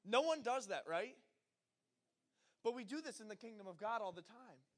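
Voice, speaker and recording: Brief: young male preacher, high voice, lively storyteller, animated sermon delivery. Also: normal speed. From northern US. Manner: energetic storytelling, acts out quoted voices.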